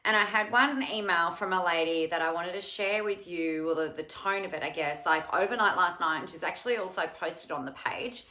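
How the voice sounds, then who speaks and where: A woman's voice: fairly low pitch, pushed and bright, echoey room. A woman from Australia hosting a casual live stream at home, chatting in a rambling way and greeting viewers by name. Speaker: live show host. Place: home room with cats.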